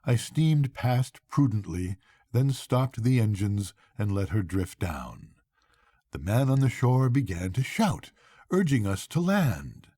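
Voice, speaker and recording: An older man, a grandfather, reading a classic novel aloud to his grandchildren at bedtime in an unhurried, expressive way. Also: lowish voice, no echo, clean studio sound.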